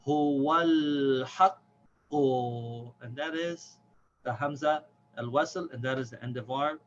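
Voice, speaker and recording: A man giving a patient step-by-step lesson on Quran reading, stretching the example words out slowly. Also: medium pitch. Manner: patient, slow, drawn-out chanted examples. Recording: dull lo-fi with faint hiss.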